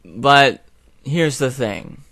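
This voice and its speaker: A man's voice: mid-range voice, extremely slow, pushed and bright, dry recording, clean studio sound. A young man who rants his opinions to his viewers in a blunt, profane way, with a lot of fillers. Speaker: video commentator. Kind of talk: opinion rant to camera.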